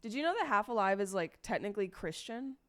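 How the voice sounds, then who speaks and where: A young woman talking off the cuff on a live stream, rambling from one topic to the next and swearing freely. Her voice sits at an ordinary middle pitch for a woman, and she speaks in a loose, unscripted chat style. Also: animated, quick pace, a bit bright.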